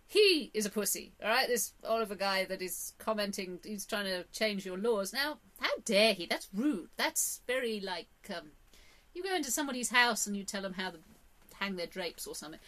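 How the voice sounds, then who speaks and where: A woman's voice: medium pitch, animated, normal speed, a bit bright. A woman from England with an English accent, talking casually in a rambling, opinionated monologue full of fillers and emphatic bursts. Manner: chatty, rambling, with many fillers and sudden emphatic rises. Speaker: vlogger.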